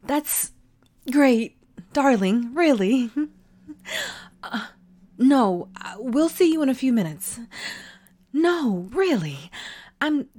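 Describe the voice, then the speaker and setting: A woman voicing a flirtatious, sneaky middle-aged mother in an erotic audio role-play, talking in a teasing, breathy way with frequent giggles. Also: high-pitched, sing-song, slow pace, pauses often, darkish tone, heavily acted.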